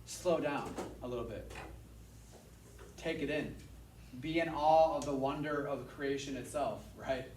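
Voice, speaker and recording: A man giving a casual Bible lesson to a class, energetic and repeating his points for emphasis. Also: mid-range voice, a little slow, pauses often, slight background noise. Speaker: Bible teacher. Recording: echoey room, mic at a distance.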